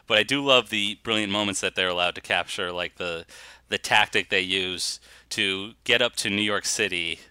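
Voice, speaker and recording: A man co-hosting a podcast, discussing a documentary in a halting, chuckling way. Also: lowish voice, sharp tone, smooth, no echo. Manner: halting, many restarts and fillers, chuckling. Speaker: podcast co-host. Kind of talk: casual film discussion.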